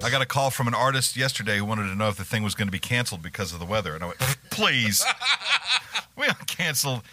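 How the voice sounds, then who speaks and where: A man hosting a talk radio show, rambling and sarcastic with plenty of cursing, getting over a cold and clearing his throat. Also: on the low side, very animated, fast talker, pushed and bright, soft background music. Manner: sarcastic, profane, rambling with restarts. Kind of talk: casual talk radio monologue.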